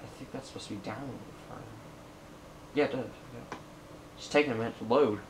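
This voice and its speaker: A man's voice: mid-range voice, fast talker, creaky, noisy background. A young man narrating an unboxing at home, rambling and talking to himself and the computer, getting frustrated while it loads. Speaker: tech vlogger. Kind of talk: casual unboxing commentary.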